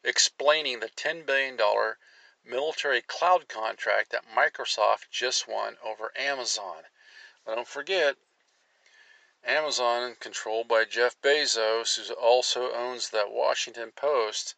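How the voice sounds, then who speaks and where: A man's voice: mid-range voice, a little slow, creaky, bright, forceful tone, no echo, low-quality recording. A man hosting an opinionated commentary show, reading articles aloud and cutting in with sarcastic asides, his voice jumping up when he gets worked up.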